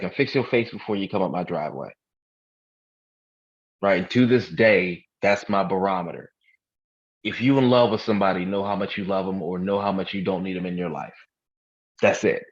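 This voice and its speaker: A man with a very low, husky voice co-hosts a podcast and talks in an easygoing way, full of swearing and stories. The recording sounds dull and lo-fi. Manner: laid-back, profane storyteller. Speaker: podcast co-host. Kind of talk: casual chat.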